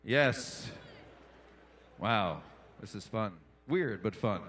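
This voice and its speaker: A man's voice: fairly low pitch, lively intonation, extremely slow, fairly bright tone, a little hiss or hum. A male stand-up comedian and emcee, punchy and playful, riffing with a crowd on a big indoor arena stage through a handheld microphone.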